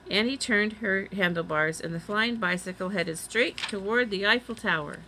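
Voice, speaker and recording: Bright-voiced woman reading a storybook. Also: medium pitch, moderate pace, a little hiss or hum, low-quality recording. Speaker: reader. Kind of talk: storybook read-aloud.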